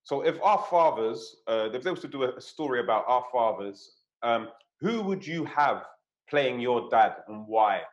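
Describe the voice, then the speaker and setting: A man's voice: medium pitch, lively intonation, moderate pace, dull audio. A man hosting a casual chat, putting questions to the others and telling stories. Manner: leads the talk, asks guests questions. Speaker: host.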